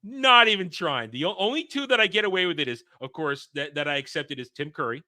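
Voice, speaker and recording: A man's voice: a little high, sing-song, fast, bright, forceful tone, no room sound, studio quality. A man hosting a casual film review chat, opinionated and emphatic as he rants. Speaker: podcast host reviewing a film.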